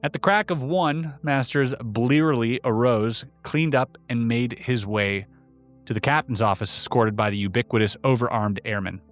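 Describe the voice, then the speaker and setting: A man's voice: mid-range voice, normal speed, faint music behind. A man hosting a show who reads a story aloud in a dry, wry way. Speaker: host and story reader. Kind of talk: story narration.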